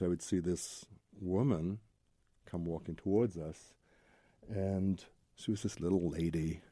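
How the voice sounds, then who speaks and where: Deep dark husky male storyteller. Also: dry recording, studio quality. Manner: candid, rambling, tumbling lists of memories. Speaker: guest, Zen Buddhist teacher. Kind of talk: personal storytelling in an interview.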